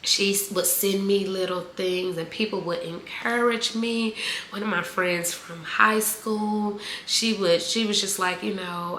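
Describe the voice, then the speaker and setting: A woman in her forties telling a heartfelt personal story, halting with many fillers and close to tears at times. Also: medium pitch, steady tone, fairly bright tone. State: emotional, near tears. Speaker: vlogger. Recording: echoey room, faint background noise.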